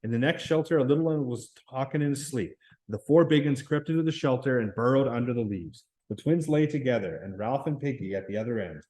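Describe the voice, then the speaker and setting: A man reading a novel aloud at a steady pace, with occasional small stumbles and restarts. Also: mid-range voice, brisk, poor audio. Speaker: reader.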